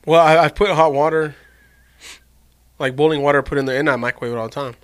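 A man's voice: a little high, steady tone, fast, no echo. A man in casual chat with friends, swearing freely and laughing as he talks. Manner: profane, laughing banter.

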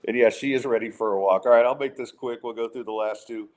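A man's voice: medium pitch, steady tone, fast talker, a little mellow. A man hosting a casual talk podcast. He rants with an exasperated edge and trips over his words as he goes. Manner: exasperated, ranting, lots of restarts. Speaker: podcast host. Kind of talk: casual chat and rant.

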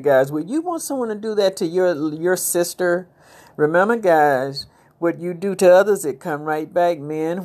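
A woman hosting her own podcast, talking in a rambling, chatty way with religious phrasing. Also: low-pitched. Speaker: podcast host. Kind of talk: casual inspirational podcast monologue.

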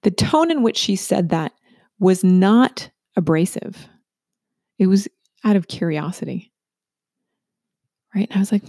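A middle-aged woman talks through a personal story in a loose, chatty way, tossing in "right?" again and again. Her voice has a gravelly, fry-laden edge. The recording is dry and close, with no room sound. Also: mid-range voice, animated, a little slow, long pauses, dark tone, no room sound. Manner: chatty, asks "right?" often.

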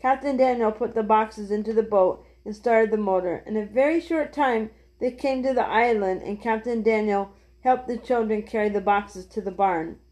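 A woman reading a children's book aloud gently, with small slips. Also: a little high, normal speed. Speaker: storyteller.

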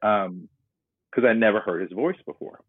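A man's voice: on the low side, moderate pace, slightly rough, dry recording. A man from North Carolina telling his personal story as an interview guest, earnest and reflective, often restarting his sentences. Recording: dry tinny phone-like line.

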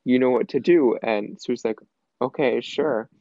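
A man's voice: moderate pace, dry recording. A young man, a podcast guest, telling school stories in casual chat and acting out the quotes. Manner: animated, acts out quotes with big pitch jumps. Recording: dull lo-fi sound, dry.

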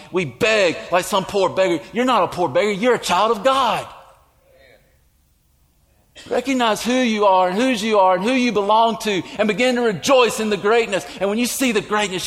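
Pastor, male, very high voice, emphatic sermon delivery with shouted peaks, echoey church hall. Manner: emphatic, with sudden shouted lines. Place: church sanctuary.

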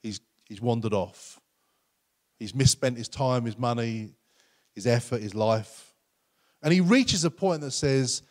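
A man preaching a sermon as pastor, earnest and conversational, often acting out quotes in lively voices. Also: mid-range voice, measured pace, long pauses.

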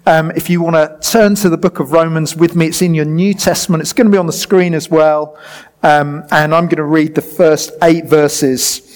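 A man preaching to a live congregation, lively and joking with the crowd as he directs a demonstration. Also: on the high side, moderate pace.

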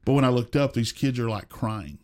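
A man's voice: mid-range voice, a little fast, darkish tone. A man in his forties, a senior pastor, telling personal stories earnestly in a casual conversation and acting out what people said. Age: 40s. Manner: earnest storytelling, acts out quoted voices.

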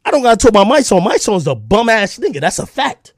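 A man with a podcast delivering an aggressive, profane callout, taunting and often shouting. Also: sits high, very animated, quick pace, no echo, clean studio sound. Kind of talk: heated callout rant to camera.

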